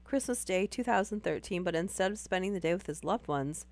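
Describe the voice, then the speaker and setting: A woman with a hoarse, worn voice after losing it, casually reading stories aloud on a live stream and laughing between lines. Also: on the low side, expressive, a little fast.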